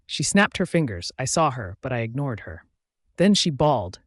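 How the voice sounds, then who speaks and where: A man reading first-person audiobook narration in a steady storytelling voice. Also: medium pitch, moderate pace, dry recording, clean studio sound.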